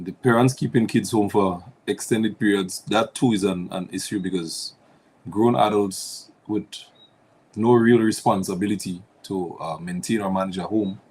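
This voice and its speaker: A man, a guest on the line, speaking in a measured, hesitant way with many ums. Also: fairly low pitch, a little mellow, breathy edge.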